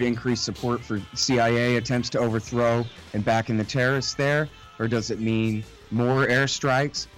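A man joining a talk radio show as a guest, explaining political events in a measured, hedging way. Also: medium pitch. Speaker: guest commentator. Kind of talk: conversational political analysis.

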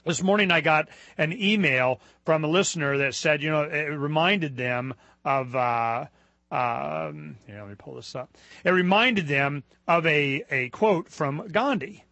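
Guy hosting a radio talk show, high bright voice, goes off on tangents, gets worked up. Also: measured pace, creaky, dry recording, lo-fi sound. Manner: animated, rambling, excitable. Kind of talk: casual political talk radio.

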